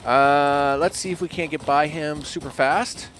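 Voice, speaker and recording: A man's voice: a little high, a little slow. A man casually commenting on his live gameplay, chatting to the animals in the game and grumbling at his bad luck. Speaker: game streamer. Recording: noisy game sound behind voice. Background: game ambience and vehicle sounds.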